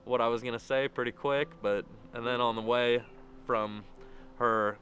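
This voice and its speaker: A man's voice: mid-range voice, steady tone, normal speed, a bit bright, faint music behind. A young man telling how he proposed, then giving a wedding toast, in a rambling, run-on way. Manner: rambling, run-on storytelling with many "and"s. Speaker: groom. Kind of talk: casual storytelling and wedding toast.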